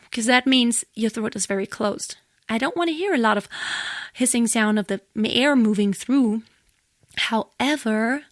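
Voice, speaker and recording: High, dry-voiced woman teaching singing. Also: fairly bright tone, no echo. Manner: explains plainly, breaks into sung and breathy demonstrations. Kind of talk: vocal lesson with sung demonstrations.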